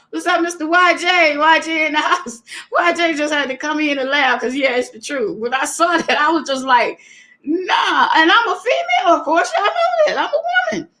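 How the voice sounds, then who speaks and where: A woman with a high-pitched voice hosts a casual livestream, greeting viewers by name and retelling a story full of lively asides.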